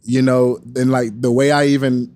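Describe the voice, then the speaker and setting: A man's voice: medium pitch, normal speed, no room sound. A young man, a podcast guest, telling a story in casual talk and acting out the voices of the people in it. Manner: animated, acts out quoted dialogue. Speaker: podcast guest, wrestling coach.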